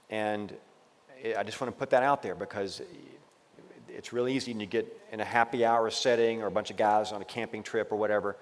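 Pastor guy, kinda low voice, cheering his co-host on and preaching a bit, echoey room. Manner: encouraging, preachy asides, warm emphasis. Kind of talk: casual ministry talk on marriage.

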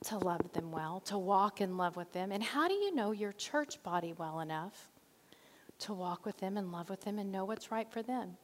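A woman voicing a gentle, earnest village schoolteacher, speaking softly and slowly in a long-echoing hall. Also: medium pitch, slight background noise, lightly acted. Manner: soft, hushed and slow.

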